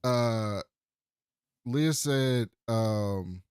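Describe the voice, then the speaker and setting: A man's voice: medium pitch, extremely slow, a little mellow, clean tone, dry recording, studio quality. A man co-hosting a podcast, retelling TV scenes in a casual, profane way and laughing as he goes. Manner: profane, laughing storyteller who acts out the quotes. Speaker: podcast co-host. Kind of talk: casual TV recap chat.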